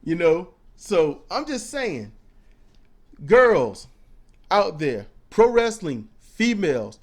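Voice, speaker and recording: A man giving blunt, preachy casual commentary as a show co-host, swearing freely as he talks. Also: high-pitched.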